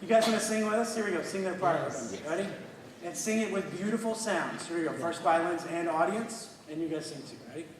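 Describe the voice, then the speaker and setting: A man coaching a student orchestra, energetic and encouraging, with quick bursts of praise. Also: high voice, crowd noise. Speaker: orchestra clinician. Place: large hall with an orchestra. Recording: echoey hall from far off, orchestra music.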